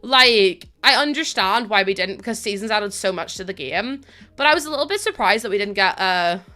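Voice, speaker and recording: A woman's voice: medium pitch, expressive, fairly quick, pushed and bright. A woman with a Northern Irish accent chatting casually on a live stream, laughing often and thanking viewers by name. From Northern Ireland.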